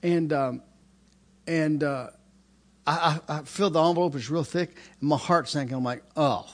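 Preacher, male, high voice, animated storytelling with loud outbursts. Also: moderate pace. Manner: animated, with shouted outbursts and laughter. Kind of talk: sermon storytelling.

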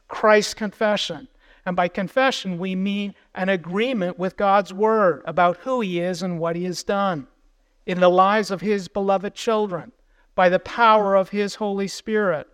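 A man's voice: high voice, a bit bright, smooth. A man preaching a sermon as pastor, earnest and building emphasis through repeated phrases.

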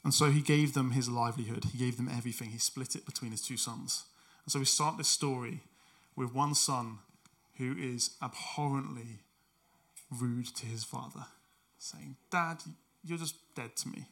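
A man preaching a sermon, moving from quiet storytelling to loud, emphatic exhortation. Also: medium pitch, fairly even intonation, moderate pace, creaky.

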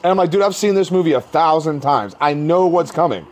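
A man's voice: fairly high pitch, a little fast, slight background noise. A man co-hosting a podcast in casual chat, telling stories with acted-out quotes and plenty of swearing. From American Midwest. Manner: animated storyteller, acts out his own quotes, swears freely. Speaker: podcast co-host.

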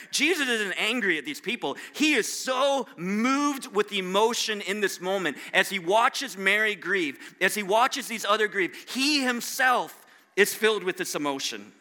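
A male pastor delivering a sermon in a high, strikingly bright and sharp voice. He speaks conversationally, pokes fun at himself, and often restarts his sentences. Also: lively intonation, normal speed. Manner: conversational, self-deprecating, with frequent restarts.

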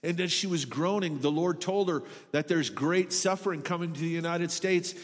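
A man's voice: a little high, moderate pace, in a large hall. A middle-aged man preaching a sermon in a church, earnest and emphatic. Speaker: pastor. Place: church sanctuary.

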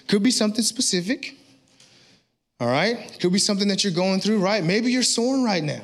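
A male pastor preaches energetically and conversationally, frequently checking in with his listeners. His voice is high and his pace fairly quick.

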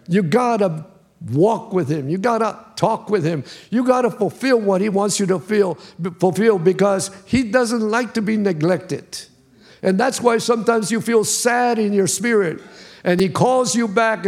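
A man's voice: high-pitched, unhurried. A man preaching as a pastor, in an emphatic style with a lot of repetition. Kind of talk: sermon.

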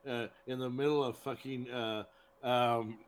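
A man's voice: medium pitch, steady tone, measured pace, clean tone. A man co-hosting a casual podcast who jokes and swears freely. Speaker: podcast co-host. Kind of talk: casual chat.

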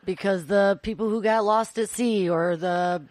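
A woman talking in a chatty, expressive way as a guest on a casual podcast. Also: mid-range voice, a little slow, no room sound.

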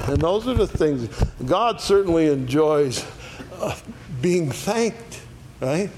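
A man's voice: on the high side, expressive, slow pace, darkish tone, slight background noise. A man teaching an adult Sunday school Bible lesson in a church classroom, folksy, often checking in with "all right?". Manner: folksy, asks "all right?" after each point.

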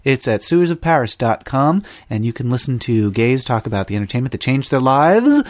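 Playful male podcast host, mid-pitched, rambling chat, dry close mic. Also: very animated, fairly quick, a little mellow, no room sound. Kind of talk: casual chat.

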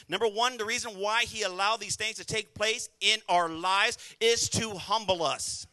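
Bright, high-voiced preaching pastor. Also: male voice, fairly even intonation. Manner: emphatic preaching with call-and-response to the congregation; rapid, conversational delivery. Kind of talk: sermon.

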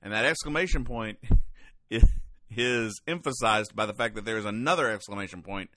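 A man's voice: lowish voice, normal speed, pushed and bright, no room sound. A man hosting a comedy podcast, reading and explaining comic strips in a wry, rambling way, often stopping to correct himself. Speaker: podcast host.

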